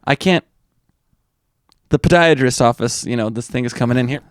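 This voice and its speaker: A man's voice: mid-range voice, moderate pace, no echo, studio quality. A man co-hosting a podcast in casual chat, teasing his co-host with sarcastic jabs and swearing.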